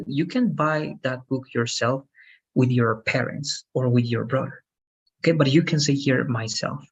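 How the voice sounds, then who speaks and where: A man's voice: mid-range voice, slightly rough, highs cut off. A man teaching English grammar one-on-one, explaining patiently and checking for understanding with frequent "okay?".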